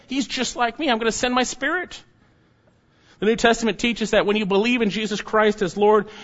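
A man preaching a sermon as a pastor, emphatic, firing off rhetorical questions and letting his closing words fall soft and low. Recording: slightly dull lo-fi sound.

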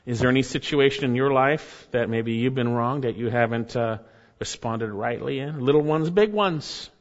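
A man's voice: mid-range voice, normal speed. A man preaching a sermon as pastor, earnest, with rising emphasis and asides to the congregation. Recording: dull, hall reverb.

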